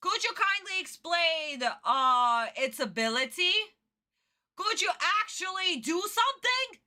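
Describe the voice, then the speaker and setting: Bright-voiced woman ranting in a reaction stream. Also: very high voice, big pitch swings, a little slow. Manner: exasperated ranting, swearing. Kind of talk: casual reaction commentary.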